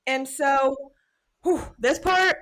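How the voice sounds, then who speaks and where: With a high voice and an unhurried pace, a young adult woman co-hosting a podcast recaps a book casually. Her delivery is animated and full of swearing as she voices the characters.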